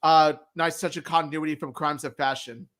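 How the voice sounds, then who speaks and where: Man, fairly high voice, bright and sharp, wry casual review chat. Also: fairly even intonation, brisk. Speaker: co-host.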